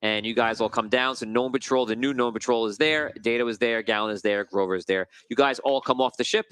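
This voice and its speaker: Brief: chatty game master, bright, forward tone, rambling and self-correcting. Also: male voice, mid-range voice, fairly quick, clear, resonant tone, no room sound. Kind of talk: narrating a tabletop game.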